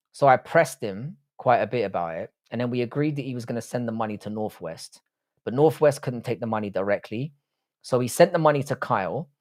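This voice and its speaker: A man's voice: medium pitch, no room sound, clean studio sound. A man, hosting a casual livestream, reading out viewer comments and bantering with plenty of swearing and slang. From United Kingdom. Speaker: livestream host.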